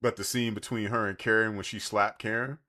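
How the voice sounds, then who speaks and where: With a fairly low pitch and a brisk pace, a man co-hosts a podcast about a TV series. His casual chat is animated, and he switches into voices to act out quotes.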